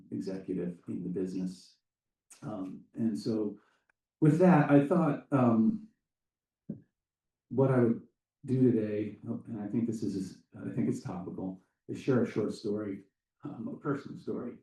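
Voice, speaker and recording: A man in his fifties giving welcoming remarks at a conference, telling a personal story in a halting, thoughtful way. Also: fairly low pitch, warm tone. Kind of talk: public speech with a personal story. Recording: echoey room, voice from a distance.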